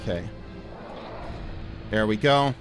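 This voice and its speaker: Animated young man narrating his gameplay. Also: fairly low pitch, takes it slowly, faint music behind. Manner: self-deprecating, joking, reads game lines aloud in silly voices. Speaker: gameplay commentator. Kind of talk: casual let's-play commentary.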